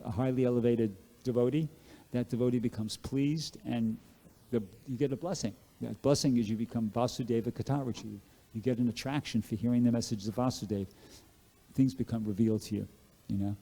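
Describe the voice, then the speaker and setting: A man with a dark, mid-range voice gives a Bhagavatam class at a temple. He tells devotional stories casually and ramblingly, with lots of fillers and restarts.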